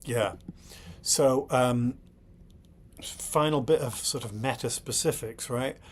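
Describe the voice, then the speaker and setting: A man's voice: medium pitch, slow, music in the background. Thoughtful middle-aged man analyzing lyrics. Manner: thoughtful, repeatedly checks in with "right?"; blunt and exasperated when scolding critics. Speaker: host. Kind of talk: analytical commentary on song lyrics.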